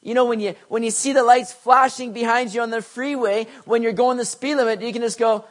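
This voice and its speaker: Animated pastor preaching. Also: male voice, brisk, few pauses. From Canada. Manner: animated storyteller, voice swings from quiet asides to excited high bursts. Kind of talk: sermon.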